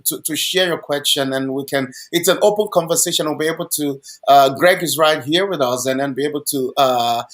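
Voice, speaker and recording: A man co-host on a faith-based talk show, with a voice pitched somewhat higher than most men. He keeps chiming in and affirming what is said, and reads out the viewer reminders in a friendly host manner. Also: fairly bright tone. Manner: affirming, chimes in often.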